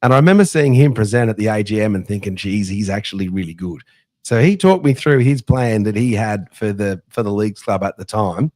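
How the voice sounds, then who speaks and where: An Australian man hosting a casual sports podcast, telling an animated anecdote in a chatty way. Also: fairly low pitch, brisk, no echo, studio quality. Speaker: podcast host.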